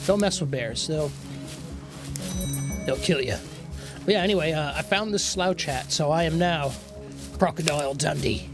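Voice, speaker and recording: A man chats through his survival game session in a loose, rambling way, full of ums and little jokes. His voice sits a bit higher than most men's. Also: normal speed, long pauses, music in the background. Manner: rambling and joking, with many fillers. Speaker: game video creator. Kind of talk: casual gameplay commentary.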